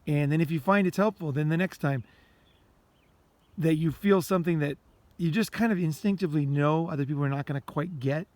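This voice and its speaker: A man's voice: a little high, a little fast, darkish tone, no echo. A man hosting a self-help podcast in a loose, rambling, casual monologue, swearing often and repeating himself, recorded outdoors while walking. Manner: loose, repetitive, swears often, acts out inner rants.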